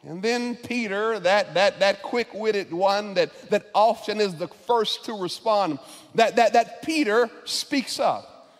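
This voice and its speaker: A man preaching a sermon as pastor, often repeating words as he builds, and he rises into shouted climaxes. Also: high voice, slow. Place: large church sanctuary. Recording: long church reverb.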